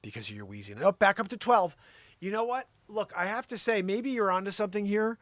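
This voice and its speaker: Animated and fairly quick, this improv comedy host ribs his co-host with pretend exasperation on a live show. His delivery lurches from loud outbursts to quiet mutters, and there's no echo.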